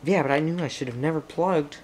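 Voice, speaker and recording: A man's voice: fairly high pitch, fairly quick, darkish tone, a little hiss or hum. A young man narrating an unboxing at home, rambling and talking to himself and the computer, getting frustrated while it loads. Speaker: tech vlogger. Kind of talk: casual unboxing commentary.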